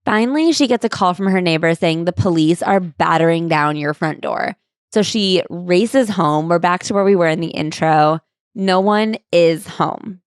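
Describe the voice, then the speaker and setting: Woman podcast co-host, lowish voice, casual talk, dry mic. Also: normal speed, clear, resonant tone, dry recording. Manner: casual, swears, reads book passages aloud. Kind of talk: casual chat recapping a memoir.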